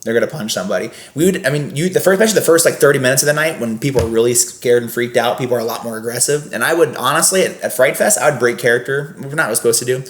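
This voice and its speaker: A man's voice: mid-range voice, very fast, hardly any pauses, roomy sound. A man guest on a podcast, telling stories casually in a rambling way with frequent restarts. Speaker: guest, scare actor.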